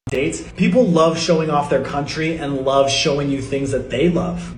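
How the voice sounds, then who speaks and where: An upbeat American man runs through a list of dating tips in a scripted video. His fairly high voice rings in a roomy space with faint background noise. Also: moderate pace. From United States. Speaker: video creator.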